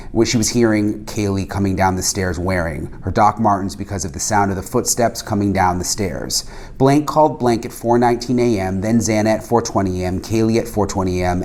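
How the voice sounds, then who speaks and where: A man reading a police report aloud in a measured, steady way, with small hesitations. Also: lowish voice.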